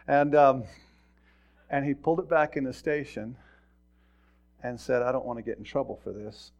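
A man's voice: medium pitch, normal speed, vocal fry. A middle-aged man, a pastor, giving a folksy sermon full of stories, often repeating words and chuckling as he tells them. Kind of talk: sermon with storytelling.

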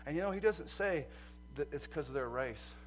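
A man preaching a sermon as pastor, swinging from quiet asides to loud emphatic passages and acting out a courtroom story. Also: on the high side, expressive, normal speed, soft background music. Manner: acts out courtroom scenes in quoted voices.

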